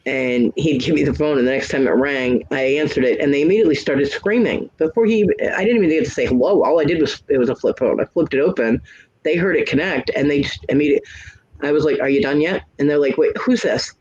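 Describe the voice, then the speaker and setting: A man with a husky, slightly rough voice tells a personal story in relaxed chat. He is blunt and outspoken and slips into the other person's voice for each quoted line. The sound is a bit muffled, like a lo-fi online voice call. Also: on the high side, quick pace. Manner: blunt, frank storyteller who acts out both sides of quoted arguments. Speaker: hangout host.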